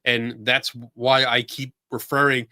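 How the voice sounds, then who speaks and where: A stuffy-sounding male host with a Philadelphia accent, talking loosely and halting a lot. His voice sits at an ordinary pitch. The room around him is dry and close, with almost no echo. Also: flat delivery, sharp tone. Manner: rambling, halting, laughs often. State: stuffy nose. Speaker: podcast host. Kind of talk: casual livestream chat.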